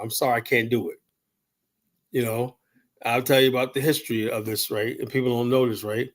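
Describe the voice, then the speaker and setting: An American man hosts a call-in show and delivers a heated, rambling rant. His voice sits at an ordinary pitch for a man. He keeps circling back with "you know?" and "right?" as he builds his point. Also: fairly bright tone. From United States. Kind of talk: ranting livestream commentary.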